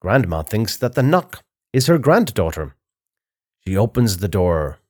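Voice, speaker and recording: A man narrating a children's fairy tale in a slow, expressive storytelling style. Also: lowish voice.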